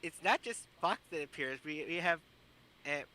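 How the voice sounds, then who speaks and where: Bright, excitable rambling man. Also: on the high side, moderate pace, a little hiss or hum. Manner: rambling, excitable, swears casually. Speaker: podcast co-host. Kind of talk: casual chat.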